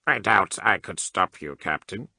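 A man voicing a cold, mechanical male cyborg adept who speaks without emotion in slow, precise sentences. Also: sits low, lively intonation, vocal fry, sharp tone, slightly rough, no room sound, heavily acted.

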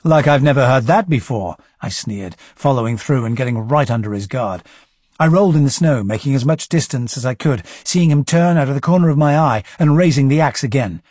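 Husky guy reading a first-person war story, wry and dry, dead dry sound. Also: mid-range voice, fairly quick, a little mellow, no echo. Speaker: audiobook narrator.

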